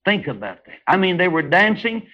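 A man preaching a revival sermon, swinging between hushed storytelling and high, shouted exclamations. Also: big pitch swings, normal speed. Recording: dull lo-fi old sermon recording.

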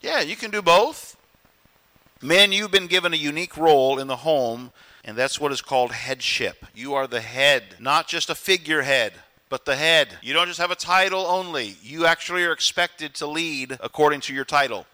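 A man's voice: a little high, moderate pace. A man preaching a sermon as pastor, often acting out quotes in other voices. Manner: animated preaching, acts out quotes.

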